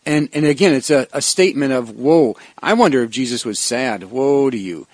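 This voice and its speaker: A man's voice: mid-range voice, expressive, a little fast, no echo. A male pastor leading a Bible study discussion, explaining verses reflectively with frequent restarts.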